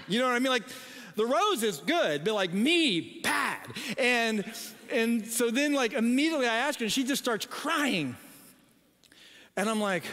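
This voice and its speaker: A man in his forties preaching a sermon, telling a story in a self-deprecating, animated way with halting restarts. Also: extremely high pitch. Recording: long reverb in a large hall.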